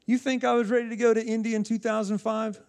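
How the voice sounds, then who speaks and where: Fiery high-voiced male preacher. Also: flat delivery, fast, creaky, darkish tone, clear, resonant tone. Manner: fiery, emphatic, rhetorical questions. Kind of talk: sermon.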